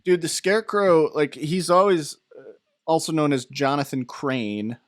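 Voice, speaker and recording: A young man in his twenties co-hosting a podcast, telling rambling, animated stories with fillers and laughs. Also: fairly high pitch, unhurried, dry recording, clean studio sound. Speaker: podcast co-host. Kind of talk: casual chat.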